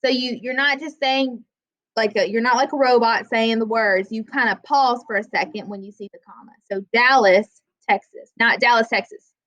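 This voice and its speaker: A woman teaching a classroom grammar lesson, plainly explaining rules and slowly reading out example sentences. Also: a little high, fairly even intonation, fairly bright tone, no room sound, low-quality recording.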